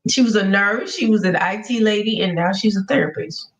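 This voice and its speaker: A woman's voice: mid-range voice, animated, brisk. A woman co-hosting a casual TV review, chiming in with dry, joking asides. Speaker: show co-host. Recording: dull lo-fi audio.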